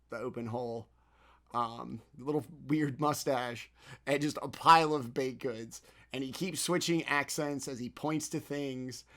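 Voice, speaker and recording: Laughing game master narrating. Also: male voice, medium pitch, fairly bright tone. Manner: loose, rambling, laughing narration with many fillers.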